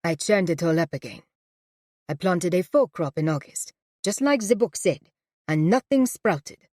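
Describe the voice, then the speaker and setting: A woman's voice: lowish voice, animated, a little slow, a little mellow, no echo, clean studio sound. A woman voicing a stubborn elderly grandmother with a thick German accent in an audiobook. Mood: brusque. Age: older.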